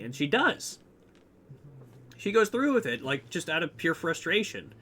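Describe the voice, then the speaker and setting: A man's voice: a little high, sing-song, measured pace, long pauses, sharp tone. A young man co-hosting a podcast, retelling a movie plot in rambling casual chat with lots of fillers. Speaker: podcast co-host.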